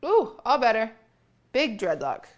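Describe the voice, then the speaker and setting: A woman's voice: fairly high pitch, wildly swooping pitch, a little slow. A young woman streaming from her home kitchen, chatting casually with viewers and cooing at her cat between remarks. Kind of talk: casual live-stream chat.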